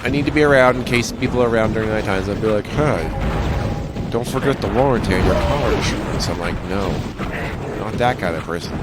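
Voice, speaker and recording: A man's voice: on the low side, a little fast, very noisy. A man giving casual let's-play commentary as a gaming channel host, rambling and joking, swearing now and then, recorded on a desk microphone. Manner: rambling, jokey, swears, breaks into silly sing-song. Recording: loud game music behind the voice.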